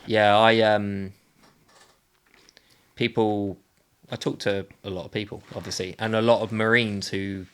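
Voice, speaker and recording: Relaxed male host, low-ish voice, brief questions and easy interjections. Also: a little slow, long pauses, clear, resonant tone. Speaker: podcast host, veteran. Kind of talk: casual podcast chat.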